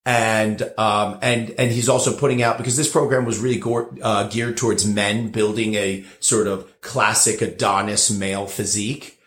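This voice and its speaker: A man's voice: on the low side, level tone, moderate pace, few pauses, a bit bright. Guy telling a long story on a podcast, lots of uh and um, roomy echo. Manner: rambling, many fillers and restarts. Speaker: podcast guest, casino bartender. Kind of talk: casual interview storytelling.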